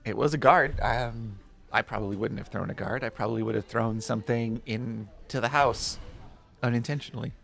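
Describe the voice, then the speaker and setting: Gravelly-voiced man, deadpan curling analyst. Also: medium pitch, normal speed, faint music behind. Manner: dry, deadpan asides. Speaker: curling co-commentator. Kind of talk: live sports commentary.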